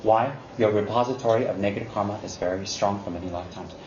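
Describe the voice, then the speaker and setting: Animated male Buddhist teacher, roomy lo-fi recording. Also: lowish voice, quick pace. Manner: animated and teasing, mimics excuses, repeats emphatic warnings. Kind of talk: unscripted dharma talk to students. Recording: roomy, dull lo-fi recording with faint hiss.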